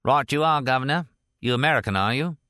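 A man's voice: mid-range voice, fast, pushed and bright, dry recording, studio quality, pitched above the performer's own voice, close to an everyday voice. A man voicing a chatty taxi driver with a teasing, familiar manner.

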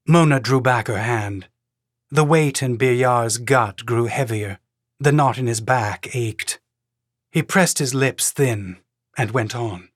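A man narrating an audiobook in a calm, even reading manner. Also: medium pitch, slow, dry recording, studio quality. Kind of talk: scripted narration.

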